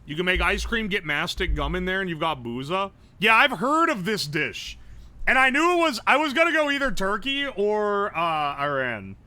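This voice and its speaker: A man streaming live, commenting on a game with blunt, profane, quick reactions. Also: a little high, pushed and bright.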